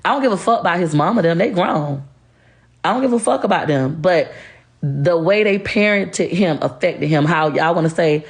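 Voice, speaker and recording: A woman's voice: fairly low pitch, lively intonation, normal speed. A woman speaking bluntly and heatedly to camera, cursing freely. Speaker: social media creator talking about her marriage. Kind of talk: candid monologue to camera.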